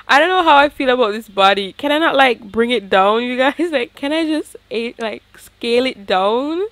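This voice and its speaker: A woman's voice: sits high, no room sound. Chatty woman narrating her game. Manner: chatty, excitable, talks straight to viewers. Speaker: gaming YouTuber. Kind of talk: casual gameplay commentary.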